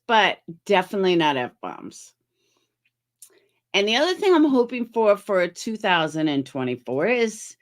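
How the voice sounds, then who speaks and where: A middle-aged woman hosting a casual livestream, chatting with viewers by name and making sarcastic asides. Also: lowish voice. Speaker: livestream commentary host.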